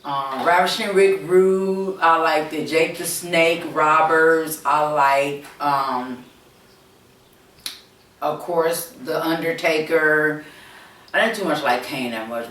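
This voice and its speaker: Speaking slowly in a deep but fairly bright voice, a woman hosts her channel with a casual storytelling chat, addressing viewers directly. She rambles and repeats herself with plenty of fillers, and she sits far from the mic with roomy echo and slight background noise.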